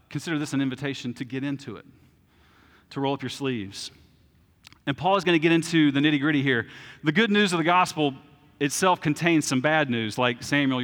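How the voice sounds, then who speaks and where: A man's voice: mid-range voice, fairly bright tone. A male pastor preaching a conversational sermon in a church, informal and plain-spoken, checking in with "okay?" and joking at his own expense. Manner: informal and plain-spoken, with frequent "okay?" check-ins and self-deprecating humor. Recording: long reverb of a large hall.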